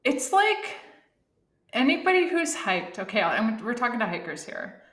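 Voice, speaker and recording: A middle-aged woman, a former Olympic athlete, telling animated stories in a casual podcast interview, laughing often. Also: a little high, moderate pace, roomy sound.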